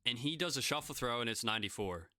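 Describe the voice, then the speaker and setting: A man's voice: mid-range voice, lively intonation, quick pace, sharp tone, dry recording, clean studio sound. A young man casually telling self-deprecating stories, rambling with lots of fillers. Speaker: podcast guest pitcher. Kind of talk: casual storytelling.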